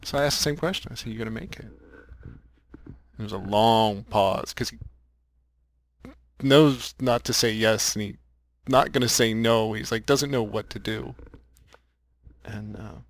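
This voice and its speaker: A man's voice: on the low side, a little slow, pauses often. A man hosting a casual conversation, telling a workshop story with frequent laughs and reflective asides. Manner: laughs often, reflective, acts out quotes. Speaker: podcast host.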